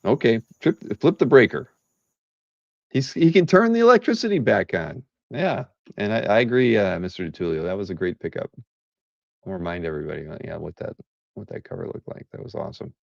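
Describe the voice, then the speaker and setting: A man's voice: on the low side, very animated, brisk, gravelly, no room sound, muffled recording. A man hosting a live art-sale stream, chatting casually and rambling with many restarts.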